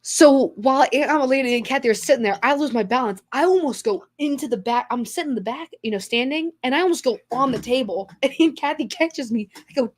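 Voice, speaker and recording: A woman's voice: sits high, a little fast, hardly any pauses. A young woman co-hosting a casual podcast, telling a long story in a rambling way with lots of fillers and restarts. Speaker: podcast co-host. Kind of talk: casual chat.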